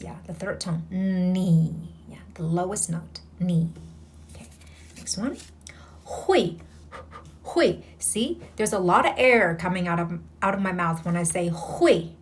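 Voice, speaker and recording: A woman's voice: lowish voice, slight background noise. A woman tutoring Mandarin, patiently demonstrating each sound and coaxing the listener to repeat after her. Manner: breathy whispered demonstrations of sounds. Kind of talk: slow, patient language lesson.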